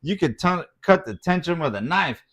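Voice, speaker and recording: Animated man telling a wild story. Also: moderate pace. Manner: animated, swearing, acts out quotes with big pitch jumps. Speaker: live stream host. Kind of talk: casual storytelling chat.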